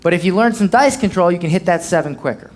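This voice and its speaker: A marketing coach giving punchy, blunt advice in a live Q&A, peppered with "okay?" and "boom" and the occasional swear word. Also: lively intonation, quick pace.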